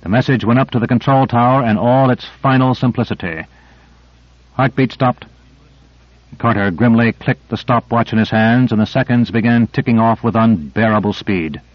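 A man narrates an audiobook in a steady, measured reading voice of middle pitch. The recording is dull and lo-fi, close and dry. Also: no room sound. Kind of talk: scripted narration.

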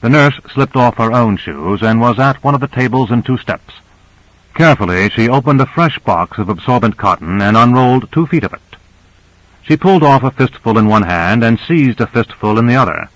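A man reads an audiobook at an average pitch, steady and measured. His voice is dry and close, with no room sound. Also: no echo, low-quality recording. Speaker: narrator. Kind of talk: audiobook narration.

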